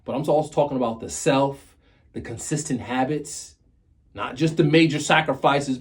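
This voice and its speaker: A man in his thirties speaks straight to his viewers in a casual motivational talk, his pitch sitting right in the middle for a man. he talks earnestly, circles back and repeats phrases until they land, and sounds like he is sharing lessons he learned the hard way. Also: fairly even intonation, normal speed. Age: 30s. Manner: earnest and repetitive, drives points home by repeating phrases. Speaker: motivational vlogger.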